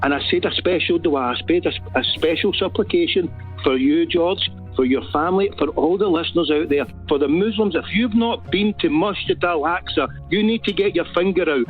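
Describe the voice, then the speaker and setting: Rich: A man with a Glaswegian accent calls in on a thin, tinny phone line, his voice sitting a little high. He speaks fervently and rambles, pressing into urgent appeals. Faint music plays behind him. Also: fairly quick. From Glasgow. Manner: fervent, rambling, rising to exhortation. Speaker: phone-in caller. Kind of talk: casual phone-in call.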